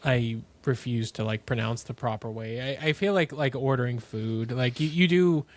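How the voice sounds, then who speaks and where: A man co-hosting a podcast, talking in a halting, easygoing way full of fillers. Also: mid-range voice. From United States. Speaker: podcast co-host. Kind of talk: casual chat.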